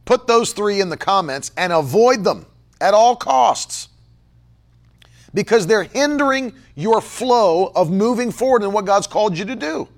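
A man preaching a livestream sermon, emphatic and repeating his key phrases, pausing to read viewer comments aloud. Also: high-pitched, animated.

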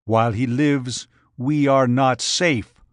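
A man's voice: medium pitch, animated, slow pace, no echo, studio quality. A man reading aloud, voicing a brutish, scheming giant who growls blunt, contemptuous lines. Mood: scornful.

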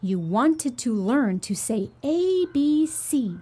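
A woman's voice: high voice, very animated, slow, warm tone, breathy edge, exaggerated voice. A woman voicing a crowd of delighted, admiring townsfolk in a storybook, cooing and fussing.

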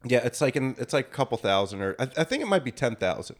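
A man's voice: medium pitch, sing-song, quick pace. A young man co-hosting a casual comedy podcast, riffing and acting out silly scenarios. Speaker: podcast co-host.

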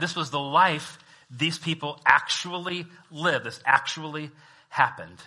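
A man preaching a sermon as a pastor, talking conversationally and swinging from hushed reading to loud emphasis. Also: a little high, expressive, normal speed, slightly rough.

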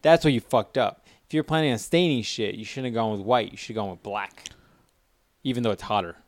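A man's voice: mid-range voice, fairly quick, no room sound, clean studio sound. Crude, joking man in casual banter. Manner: profane, joking, animated storytelling.

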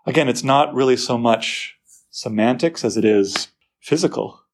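A man lecturing on a poem, lively and full of rhetorical questions to his listeners. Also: medium pitch, normal speed. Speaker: literature teacher.

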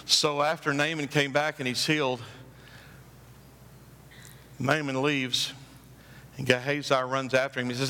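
A man preaching a sermon emphatically, acting out story voices and building to loud, high climaxes. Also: level tone, in a large hall. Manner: acts out story voices with drawn-out phrases. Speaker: pastor.

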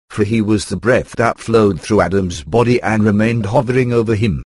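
Low-voiced synthetic male book narrator. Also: no room sound. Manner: steady, even reading that pauses to read out verse numbers. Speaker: audiobook narrator. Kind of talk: computer-read book narration.

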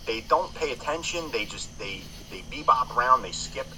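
A man's voice: mid-range voice, lively intonation, moderate pace, bright, forceful tone, slight background noise, rough recording. A man in casual podcast chat, swearing freely and telling stories with frequent restarts. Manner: profane, rambling storyteller with many restarts.

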